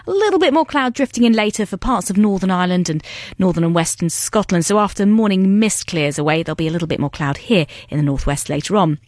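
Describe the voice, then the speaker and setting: A woman reads the radio weather forecast with a brisk, lilting flow. Her pitch moves a lot from phrase to phrase. The studio sound is close and dry. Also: dry recording. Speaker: weather presenter.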